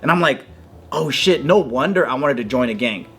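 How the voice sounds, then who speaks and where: A man telling a story in casual chat, animated, swearing freely and acting out quotes in a raised voice. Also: moderate pace, slight background noise. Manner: animated, swears a lot, acts out quotes in a higher voice. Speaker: podcast guest.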